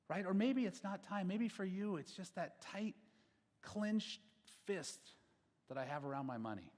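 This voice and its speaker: Slightly high-voiced man preaching in a reverberant hall. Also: lively intonation, unhurried, a little mellow. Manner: casual, checks in with the audience with frequent "okay?" and "right?"; stumbles and repeats words as he builds each point. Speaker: pastor. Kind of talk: conversational sermon.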